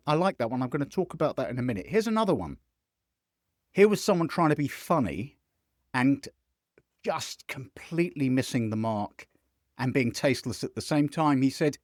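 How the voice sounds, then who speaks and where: A man hosting a chatty football podcast, his slightly high voice swooping all over as he rants. He swears freely and slips into quick mimicry. The sound is dry and close. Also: no echo. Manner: animated, sweary, mimics others in put-on voices. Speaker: podcast host. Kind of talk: casual football podcast chat. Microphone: video call mic.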